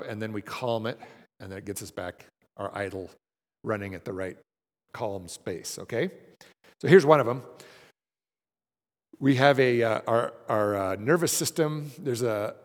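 In a large room, a middle-pitched man leads a class through breathing exercises and recitation. He teaches casually and conversationally, checking in with listeners often, while a long hall reverb trails his voice.

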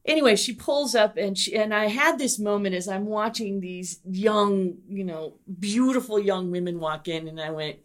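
A middle-aged woman, a guest and teacher, telling lively anecdotes in an interview and acting out what people said. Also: medium pitch, moderate pace, few pauses. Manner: animated, enthusiastic, acts out quotes.

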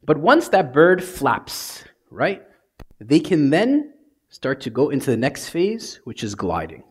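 A man, a priest, preaching a sermon in a conversational yet dramatic way, often dropping to a soft hush. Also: on the high side, very animated, slow pace, husky.

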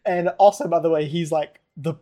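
A man's voice: fairly high pitch, a little fast. A man in his twenties from the United States, telling rambling stories over a video call in casual chat. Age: 20s. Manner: rambling, animated storytelling with laughs.

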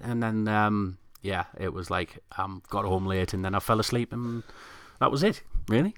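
A man's voice: on the low side, moderate pace, few pauses, no echo. A man co-hosting a podcast in casual chat, rambling and laughing between fillers. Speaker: podcast co-host.

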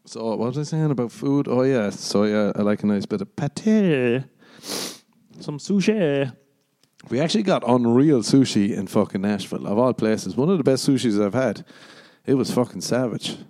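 A man's voice: mid-range voice, lively intonation, a little fast, hardly any pauses, warm tone. A young man hosting a rambling solo podcast, profane and jokey, often slipping into exaggerated mock voices. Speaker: podcast host.

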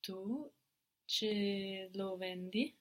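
A woman's voice: medium pitch, extremely slow, a bit bright. A woman learning a language, answering her teacher hesitantly and trying out phrases.

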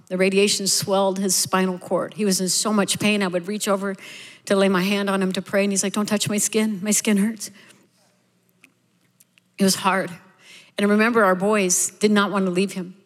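A woman's voice: mid-range voice, in a large hall. A middle-aged woman giving a personal testimony sermon at a church service, telling her story in a candid, heartfelt, conversational way. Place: church sanctuary.

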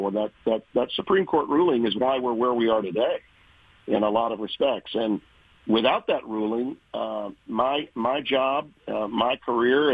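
A man from Louisiana, a veteran sports broadcaster, telling stories from his career in a folksy, animated interview manner. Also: mid-range voice, breathy edge, no room sound, narrow, tinny audio. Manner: folksy, animated storyteller, acts out quoted voices. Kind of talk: conversational interview storytelling.

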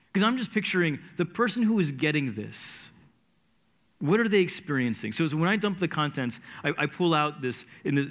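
A man from New Jersey recounts a faith story in an earnest, halting manner. His voice sits at an ordinary middle pitch, and he often stumbles and restarts his sentences as he goes. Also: a bit bright. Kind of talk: personal storytelling sermon.

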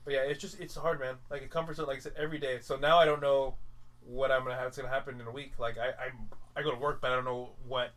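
A man's voice: mid-range voice, level tone, fast, a bit bright, low-quality recording. A man chatting on a podcast, rambling through a story and saying "like" often. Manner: rambling storyteller, heavy use of "like". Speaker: podcast co-host. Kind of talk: casual chat.

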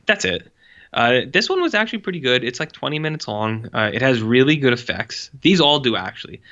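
Here a man co-hosting a short-film review podcast rambles in casual chat, sarcastic and leaning heavily on "like." His mid-range voice is very animated, fairly quick, pushed and bright, captured with lo-fi sound.

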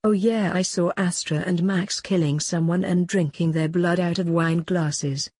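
A woman's voice: lowish voice, fairly even intonation, unhurried, darkish tone, no echo. A woman reading as a blunt teenage girl.

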